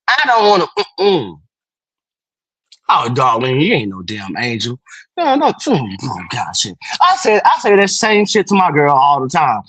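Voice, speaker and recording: A man's voice: sits high, very animated, normal speed, fairly bright tone, dry recording. A man hosting a livestream, rambling through crude, joking, teasing chat. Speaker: livestream host.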